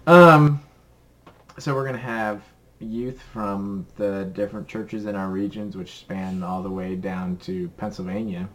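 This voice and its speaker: A man's voice: fairly low pitch, fairly even intonation, measured pace, a bit bright, slight background noise. A young man co-hosting a podcast in casual chat, rambling and upbeat with many ums. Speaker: podcast co-host.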